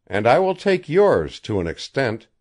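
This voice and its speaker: A cocky young engineer, daring and mocking, as a male reader puts him on. His lines come out raised and lively, swinging widely in pitch, decisive and loud. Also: measured pace. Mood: threatening.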